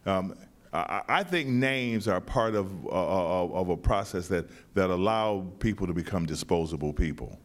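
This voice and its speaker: A man who wrote and staged the play, answering interview questions in a thoughtful, halting way with many restarts. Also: deep voice, animated. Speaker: playwright and director.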